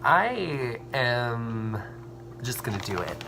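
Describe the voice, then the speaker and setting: A man's voice: medium pitch, very animated, drawn-out words, very noisy. A man vlogging while he cooks in his home kitchen, campy and playful, talking to viewers as sis and honey. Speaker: YouTuber cooking at home. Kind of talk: casual cooking vlog.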